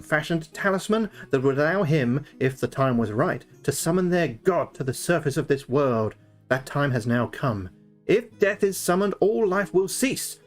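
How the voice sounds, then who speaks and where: A man's voice: on the high side, natural voice. A grave priest recounts an ancient doom in solemn storybook tones as a man reads him. His voice rises and falls with feeling over faint music.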